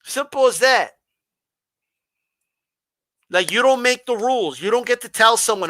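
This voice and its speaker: At normal speed and with no room sound, a man with a very high-pitched voice hosts a boxing livestream. He takes on the live chat in a combative way, asking pointed rhetorical questions and mocking a flat, monotone delivery.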